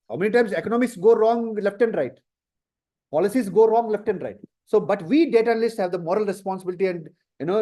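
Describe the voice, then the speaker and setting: Teacher guy lecturing a class, high pitched, warm mellow tone. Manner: lively, rhetorical questions to students. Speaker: data science teacher.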